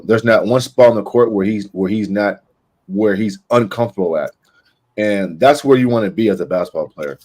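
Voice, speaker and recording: A man with a lowish voice talks through basketball games in a steady, measured way. He lays out his points like an analyst on a casual podcast. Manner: measured, explanatory, breaks down plays. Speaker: podcast co-host.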